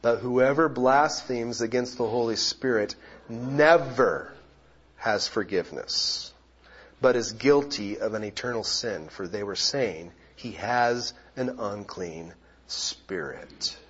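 A man preaching a sermon as pastor, explaining scripture in a measured way and breaking into loud exclamations. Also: mid-range voice, lo-fi sound, slight background noise. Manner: animated, shifting from quiet explanation to loud exclamations.

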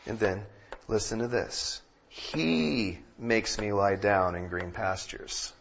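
Pastor guy preaching, husky voice that swings way up and down, slow and deliberate. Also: lowish voice, highs cut off. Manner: builds from calm teaching to loud emphatic peaks. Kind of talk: sermon.

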